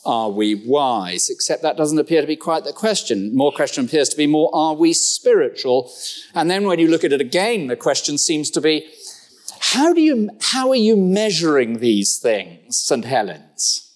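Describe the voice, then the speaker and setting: A middle-aged man preaching from the pulpit. His delivery is conversational and animated, full of rhetorical questions and dry, humorous asides. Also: on the high side, normal speed. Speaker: pastor. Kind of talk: sermon.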